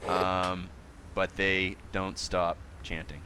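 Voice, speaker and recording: A man's voice: low voice, level tone, slow pace, noisy background. A man running a tabletop game as game master, talking casually and loosely with lots of fillers.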